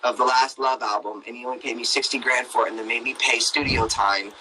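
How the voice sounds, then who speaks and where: A man's voice: medium pitch, fairly even intonation, fast, a loud crowd, low-quality recording. A man in his thirties, a singer, talking in a brash, profane and boastful way in casual chat.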